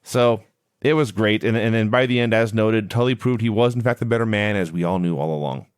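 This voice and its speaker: A man's voice: fairly low pitch, a little fast, smooth, no echo, clean studio sound. A man co-hosting a casual podcast, recapping old matches and promos play by play in a chatty way. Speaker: podcast co-host.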